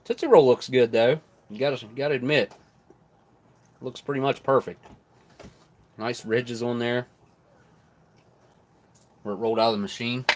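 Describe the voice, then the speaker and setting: On a live stream food tasting, a man reviews old military rations, chatting casually and relaxed while eating and even talking as he chews. His mid-range voice moves at normal speed with long pauses, and there is a little hiss or hum.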